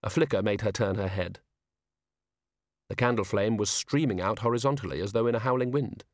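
A man reading a novel aloud as an audiobook narrator, measured and wry. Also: on the low side, no echo, studio quality. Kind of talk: scripted narration.

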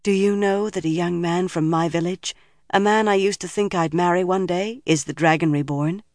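A narrator voicing an earnest, uneasy young woman from a village who speaks softly, in a dry studio audiobook. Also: on the low side, steady tone, moderate pace, no echo, lightly acted. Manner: uneasy, soft-spoken.

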